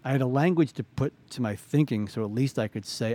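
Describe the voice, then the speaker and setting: Guy hosting a podcast, mid pitch, soft reflective talk, a little faint room hiss. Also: brisk. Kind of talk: casual podcast conversation.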